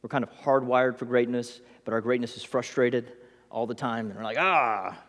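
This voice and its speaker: A man delivering a sermon, mid-pitched and animated as he retells scenes and slips into voices for the people in them. His voice rings out with a long reverb from a large hall. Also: normal speed. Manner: lively storytelling preacher, voices the disciples. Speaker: pastor.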